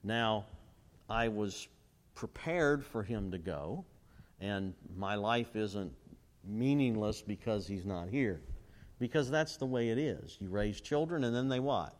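A middle-aged man preaching a sermon, asking the crowd questions and swinging between loud and quiet. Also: animated, takes it slowly. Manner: call-and-response questions, dramatic swings in pitch and volume. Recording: long hall reverb.

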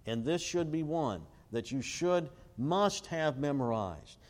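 A male preacher delivering a sermon in an emphatic way, pausing to let listeners fill in the end of his questions. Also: on the high side, animated. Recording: long hall reverb.

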